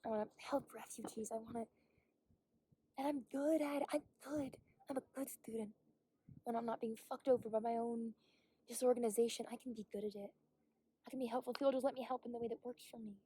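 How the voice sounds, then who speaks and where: A woman's voice: on the high side, fairly even intonation, fast, dark tone, breathy edge. A young woman vlogging outdoors on a hike, rambling candidly, swearing often and sometimes dropping to a whisper. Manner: drops to a whisper at times. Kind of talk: casual vlog monologue. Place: outdoors on a hiking trail.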